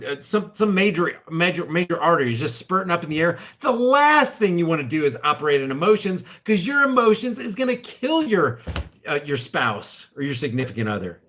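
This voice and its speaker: A man's voice: high voice, fairly bright tone. A man delivering an emphatic commentary rant on his vlog, now and then acting out other people's voices. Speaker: vlogger.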